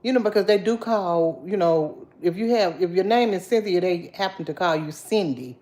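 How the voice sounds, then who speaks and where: A woman's voice: lowish voice, warm tone. A tired woman hosting a casual livestream, greeting viewers by name in a playful, sing-song way. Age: has a grown daughter. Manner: sings out greetings, drawn-out and playful. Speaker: livestream host.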